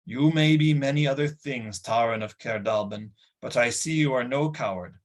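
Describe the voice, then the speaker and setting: A man voicing Gwydion, a stern and noble war leader who speaks in a measured, formal way, in an audiobook. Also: mid-range voice, lightly acted. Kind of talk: audiobook character voice.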